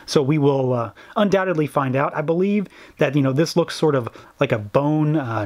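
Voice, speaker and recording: A man hosting a casual toy review, talking enthusiastically with frequent fillers. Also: medium pitch. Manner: enthusiastic, chatty, lots of fillers.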